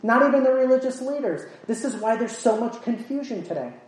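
A woman's voice: on the high side, animated, fairly quick, a little mellow. A woman preaching a sermon in an earnest way, often repeating words and quoting scripture in old-fashioned wording. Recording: echoey room, voice from far off, noisy.

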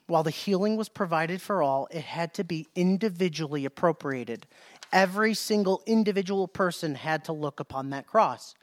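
A man with a high voice delivers a sermon. He is emphatic, repeats key phrases and reads scripture passages aloud. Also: animated, normal speed. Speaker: preacher.

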